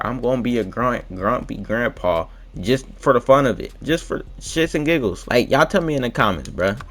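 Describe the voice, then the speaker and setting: A man's voice: on the low side, fairly bright tone. A young man rambling in slangy, laid-back chat while playing a video game late at night. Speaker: gaming vlogger.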